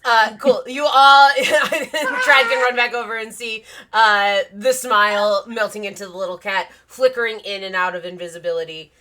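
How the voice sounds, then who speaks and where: A woman's voice: a little high, steady tone, normal speed, hardly any pauses, bright, forceful tone. A woman narrating as game master of a tabletop game, laughing often and using many fillers.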